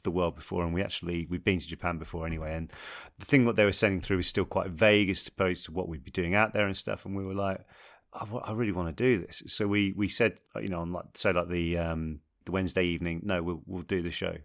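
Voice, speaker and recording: A man's voice: low voice, fairly even intonation, fast, hardly any pauses, a bit bright. An English man in his thirties, an actor guest chatting casually and at length in an interview, laughing often.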